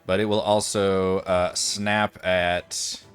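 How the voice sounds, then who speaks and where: Low-voiced man running a tabletop game. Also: flat delivery, slow pace, clean tone, faint music behind. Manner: loose, thinking aloud with many fillers. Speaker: dungeon master. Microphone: headset or desk mic on a voice call.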